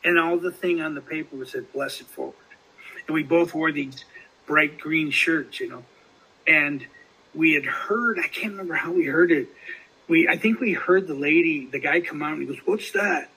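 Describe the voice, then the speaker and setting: A man's voice: on the high side, normal speed, bright, forceful tone, husky, poor audio. A man hosting a casual recovery podcast, telling a story in rambling fashion with many restarts and fillers. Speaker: podcast host.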